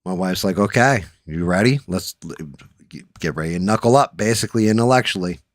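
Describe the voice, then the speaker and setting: A man hosting a casual chat show, telling stories in a profane, animated way that rises when he gets riled up, recorded in a home studio. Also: low-pitched, a little fast, no room sound. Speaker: podcast host.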